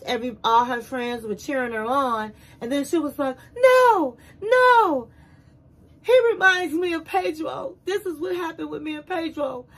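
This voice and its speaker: A woman hosting a casual show recap, retelling scenes in an animated way and acting out the quotes. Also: sits high, low-quality recording.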